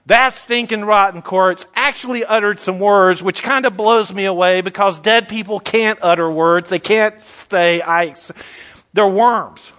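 Fiery high-voiced male preacher. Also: steady tone, bright, forceful tone. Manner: fiery, emphatic, drawn-out stresses. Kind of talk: sermon.

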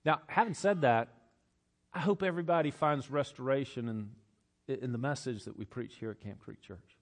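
A man's voice: medium pitch, normal speed. A male pastor preaching a sermon, emphatic, repeating phrases for effect and laughing often.

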